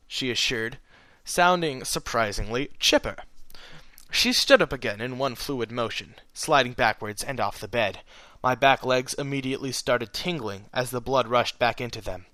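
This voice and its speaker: A man's voice: mid-range voice, expressive, normal speed, pushed and bright, no room sound. Man reading a story aloud, dry and close. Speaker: reader of fan fiction.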